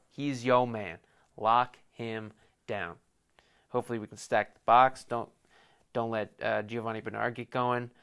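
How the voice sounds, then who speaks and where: A man's voice: medium pitch, fairly bright tone, clean tone. A young man hosting a casual solo sports podcast, rambling and joking as he previews a game. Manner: rambling, joking, fast bursts. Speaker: podcast host.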